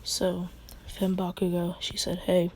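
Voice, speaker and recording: A woman casually telling a fan story, rambling and halting, often dropping to a half-whisper. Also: lowish voice, little pitch movement, gravelly, a little mellow, a little hiss or hum.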